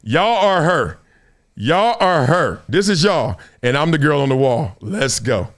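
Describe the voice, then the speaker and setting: Lively male host, joking and slangy, voice rising and falling a lot, slightly higher register. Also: a little slow. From Southern California. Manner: animated, joking, slangy, teasing the audience. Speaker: show host. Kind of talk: casual commentary livestream.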